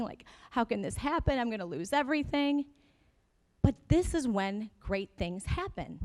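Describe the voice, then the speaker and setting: A woman's voice: fairly high pitch, darkish tone. A woman in her forties giving a conference keynote, telling her story in a chatty way with sarcastic asides to the audience. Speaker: company founder giving a keynote. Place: conference stage before an audience.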